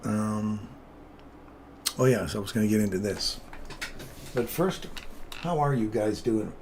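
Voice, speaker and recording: A man with a lowish voice talks through his market charts in a relaxed, chatty way. He greets viewers by name as he narrates his trades live. A faint hiss sits under the recording. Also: measured pace. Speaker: trading streamer. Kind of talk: live trading commentary.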